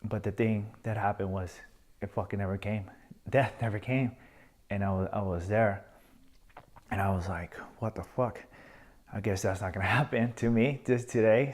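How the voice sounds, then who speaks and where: A military veteran man giving candid personal testimony, blunt and profane, halting with frequent restarts. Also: lowish voice, a little mellow. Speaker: military veteran telling his story.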